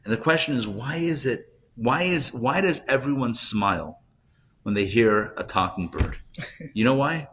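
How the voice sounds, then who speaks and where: A man, a rabbi, teaching a live class and telling jokes, talking in a conversational way, asking the audience questions and getting loud and animated when he makes a point. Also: medium pitch, moderate pace, slight background noise. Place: classroom or synagogue hall, recorded live.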